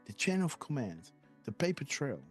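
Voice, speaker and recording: A man's voice: medium pitch, very animated, moderate pace, slightly rough, faint music behind. Rambling man hosting a live stream. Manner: rambling, hesitant, repeats "guys, right?". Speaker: host. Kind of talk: live stream decoding chat.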